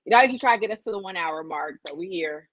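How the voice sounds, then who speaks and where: A woman's voice: lowish voice, lively intonation, fast talker, a bit bright, no room sound, lo-fi sound. A laid-back young woman, co-hosting a casual chat podcast and joking as she talks. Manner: laid-back, joking, quotes people in put-on voices. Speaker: podcast co-host.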